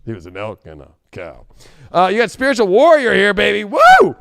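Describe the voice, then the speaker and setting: A man giving a casual tarot reading, profane and joking, bursting into shouts and silly voices. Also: high-pitched, huge pitch swings, moderate pace, creaky, no room sound. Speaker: tarot reader.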